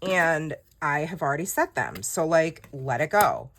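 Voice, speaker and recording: A woman's voice: sits low, very animated, measured pace, fairly bright tone. A woman chats casually while she journals. She rambles candidly through a personal story and acts out the dialogue herself. She sounds to be in her thirties. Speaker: journaling creator.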